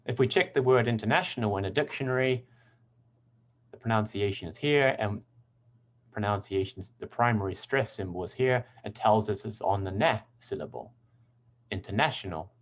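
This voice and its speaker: A man teaching English pronunciation in a scripted lesson, speaking clearly and deliberately and stressing example words. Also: on the low side, muffled recording.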